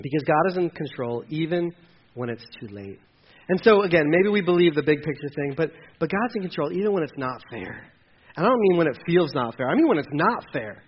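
A man's voice: fairly high pitch, expressive, brisk, husky, muffled recording. A man preaching a sermon with passion, acting out the voices from the scripture story. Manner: impassioned, acts out voices from the scripture. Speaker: pastor.

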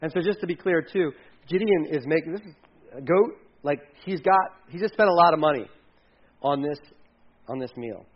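A man preaching a sermon in a casual, animated way, acting out quotes and sometimes dropping his voice low. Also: normal speed, highs cut off. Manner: conversational, animated, acts out quotes, drops to hushed tones. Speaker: pastor.

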